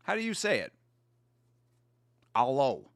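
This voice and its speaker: A man hosts a casual watch-along stream, his slightly high voice bouncing around with lively swings. He rambles through his thoughts with restarts and the odd curse word. The sound is close and dry, with no room around it. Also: normal speed, dry recording. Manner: rambling, with frequent restarts and swearing. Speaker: watch-along livestream host. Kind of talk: casual livestream commentary.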